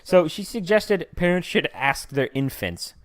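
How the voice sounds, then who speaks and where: A man's voice: sing-song, unhurried, dry recording, studio quality. A man co-hosting a casual podcast chat, joking around with lots of fillers. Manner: jokey, lots of fillers, breaks into silly high voices. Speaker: podcast co-host.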